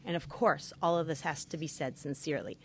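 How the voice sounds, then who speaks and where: A woman's voice: sits low, a little fast, background noise. A middle-aged woman, a marriage therapist, giving earnest, emphatic advice point by point. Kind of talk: advice talk with numbered points.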